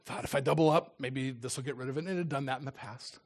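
A middle-aged man preaching and telling a personal story in earnest, often dropping to a hush at solemn moments. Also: mid-range voice, fast talker. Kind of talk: sermon with personal testimony.

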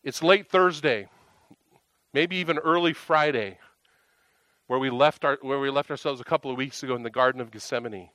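A man preaching a conversational sermon, animated, firing off rhetorical questions. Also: mid-range voice, moderate pace, no room sound. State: tired, emotionally raw. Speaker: pastor.

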